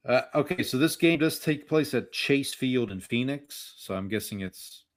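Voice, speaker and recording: A man's voice: mid-range voice, expressive, normal speed. A man co-hosting a casual sports podcast, reading out bowl matchups and his picks with a wry, joking tone. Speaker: podcast co-host. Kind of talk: casual sports betting chat.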